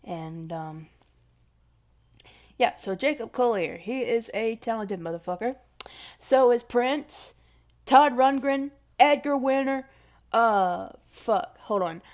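Young woman, casual vlog ramble, unhurried, self-mocking, swears a lot. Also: a little high, animated. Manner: emotional, self-deprecating, swears freely. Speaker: vlogger.

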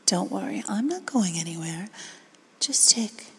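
A woman in a whispered role-play, giving slow, coaxing commands in a breathy whisper. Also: medium pitch, expressive, slight background noise. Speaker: ASMR performer.

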